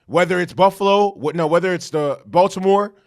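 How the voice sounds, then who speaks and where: A man with a high-pitched voice talks through a casual fan reaction vlog. He is hyped and profane, repeats his points and corrects himself mid-sentence, and keeps asking "okay?" to drive each stat home. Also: a little fast. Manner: profane, self-correcting rambles. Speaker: sports fan commentator.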